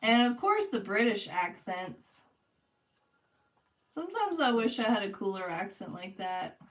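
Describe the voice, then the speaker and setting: A woman's voice: medium pitch, animated, unhurried, distant mic, rough recording. A young woman from California with a Californian accent, chatting casually with her live audience while she paints. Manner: chatty, laughs often, talks to chat. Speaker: art streamer.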